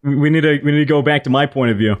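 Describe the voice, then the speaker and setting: A man's voice: fairly high pitch, very fast. A young man bluntly telling his side of a drunken night out, swearing and stumbling over restarts. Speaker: podcast co-host telling a story. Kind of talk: casual storytelling chat.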